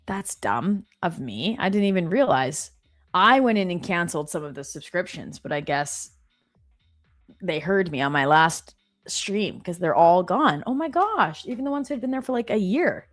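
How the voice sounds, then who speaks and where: Chatty woman streamer, low voice. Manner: chatty and animated, quick exclamations and asides. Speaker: live stream host. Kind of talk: casual live-stream chat, reading viewer comments. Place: office.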